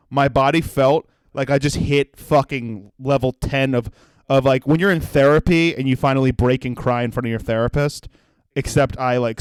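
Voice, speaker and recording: A young man hosting a comedy podcast, telling a profane, animated story and acting out the people in it. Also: mid-range voice, no echo. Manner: profane, animated, acts out voices in his story.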